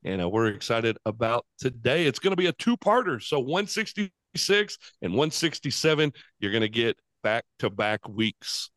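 A man chats as a podcast co-host, upbeat and quick to laugh. His voice sits in a middle pitch. The sound is dry and close, with no room echo. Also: very animated, a bit bright. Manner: upbeat, laughs often, jokey. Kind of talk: casual chat.

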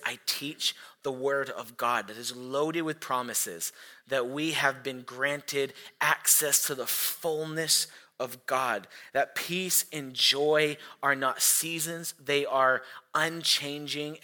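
Animated bright-voiced male pastor. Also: medium pitch. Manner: animated storytelling, acting out quoted voices loudly. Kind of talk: sermon with personal story.

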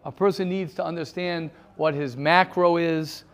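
A man leading a study class in a fairly high voice. He restarts his sentences often and drops Hebrew terms into his English as he lectures and takes questions. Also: steady tone, normal speed. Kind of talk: interactive lecture.

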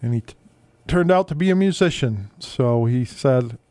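A man hosting a radio music show, telling stories between records in a relaxed, halting way with many fillers. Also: mid-range voice, no room sound.

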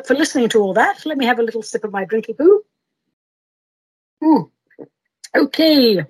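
A woman's voice: mid-range voice, breathy edge, dry recording. A woman hosting a podcast, chatting playfully and reading her own silly poetry aloud in a self-mocking way. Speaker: podcast host. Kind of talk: casual chat and comic poetry reading.

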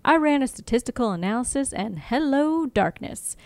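A woman reading out a cocky, wisecracking male vampire villain in a breezy, smooth manner. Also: high-pitched, expressive, normal speed, no room sound, pitched above the performer's own voice.

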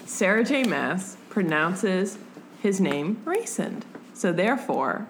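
A woman co-hosting a casual book chat, animated, swearing freely and acting out conversations. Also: lowish voice, slow pace, slight background noise. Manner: animated, swears freely, acts out quoted exchanges. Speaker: podcast co-host. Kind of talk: casual chat about books.

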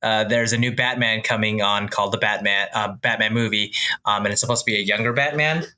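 A man's voice: fairly low pitch, fairly even intonation, fairly quick, pushed and bright. A man in casual conversation about movies, chatty and hesitant, asking his co-host questions. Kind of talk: casual chat.

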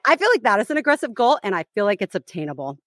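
A woman's voice: mid-range voice, big pitch swings, very fast, a bit bright, dry recording. Chatty woman podcast host, dry sound. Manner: chatty, teasing, lots of fillers and restarts. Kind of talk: casual chat.

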